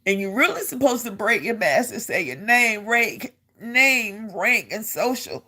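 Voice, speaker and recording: A woman's voice: on the high side, expressive, measured pace, bright, forceful tone. An older woman, an army veteran, telling a personal story in an earnest way and repeating phrases for emphasis.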